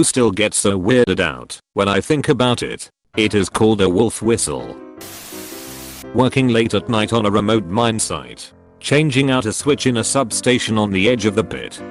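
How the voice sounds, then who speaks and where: Low-voiced man reading stories aloud. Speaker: narrator of reddit stories. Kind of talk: scripted narration.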